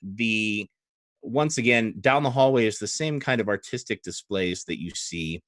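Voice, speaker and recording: A man narrating as game master, relaxed and conversational. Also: lowish voice, normal speed, no echo, studio quality.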